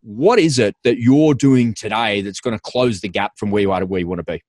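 A man's voice: on the low side, brisk, a little mellow, no echo. An Australian man hosting a podcast interview over a video call, upbeat and chatty. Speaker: podcast host.

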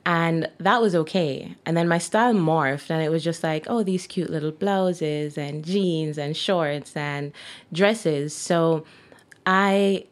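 A Jamaican woman in her thirties who owns a T-shirt brand is a guest in an interview. She chats casually, with lots of fillers and laughter, in a low-pitched voice, taking her time.

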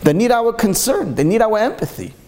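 Impassioned male preacher telling moral stories, voice sits a bit high and leaps around, faint room hush behind. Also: big pitch swings, brisk, slight background noise. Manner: impassioned, asks repeated rhetorical questions. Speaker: Torah speaker. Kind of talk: storytelling sermon.

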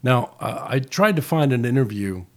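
A man's voice: mid-range voice, expressive, moderate pace. A man hosting a podcast, speaking in a reflective, casual way with frequent filler words. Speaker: podcast host.

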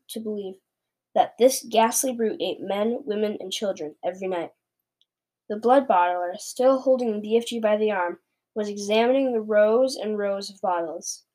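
A woman reading a children's novel aloud, expressive, with small stumbles here and there. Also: medium pitch. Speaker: book reader.

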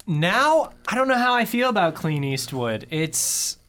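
A man's voice: high-pitched, big pitch swings, unhurried, pushed and bright. A man co-hosting a casual comedy podcast, rambling through improvised bits and laughing often. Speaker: podcast co-host.

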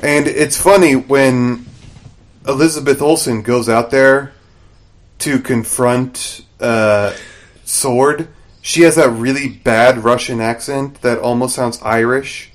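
Animated man recapping a TV episode. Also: mid-range voice, slow. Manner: animated retelling, acts out characters' lines. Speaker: podcast co-host. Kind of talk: casual TV recap chat.

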